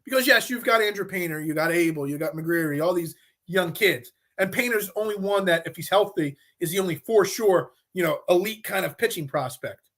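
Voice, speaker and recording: Animated, bright-voiced sports talk host. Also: male voice, high-pitched, fairly quick. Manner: animated, repeats himself when making a point.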